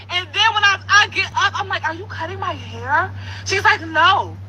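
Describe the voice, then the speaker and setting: A crying, distraught woman, shouting and cursing as she tells what happened at a salon. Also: extremely high pitch, moderate pace, slight background noise, low-quality recording. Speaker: salon customer in a viral clip.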